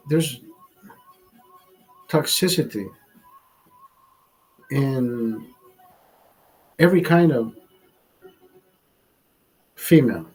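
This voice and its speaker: A man's voice: mid-range voice, darkish tone, slightly rough, rough recording. A man hosting a livestream, telling a story in a heated, profane rant. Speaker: livestream host. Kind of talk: ranting storytime monologue.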